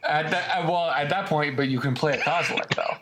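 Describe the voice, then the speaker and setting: Bright-voiced man in teasing banter. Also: on the high side, a little fast. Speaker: podcast co-host. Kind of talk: casual chat.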